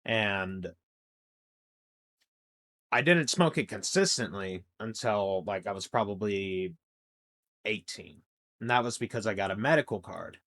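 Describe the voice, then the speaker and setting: A young man hosting a comedy podcast, rambling through a crude monologue that swings between loud outbursts and low mumbling. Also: lively intonation, a little slow, pauses often. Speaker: podcast host.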